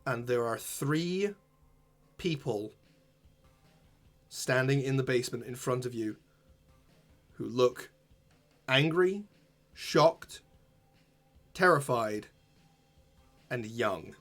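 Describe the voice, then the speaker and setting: Slow, bright-voiced man narrating a game. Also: mid-range voice, expressive. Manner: slow, deliberate scene narration. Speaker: game master.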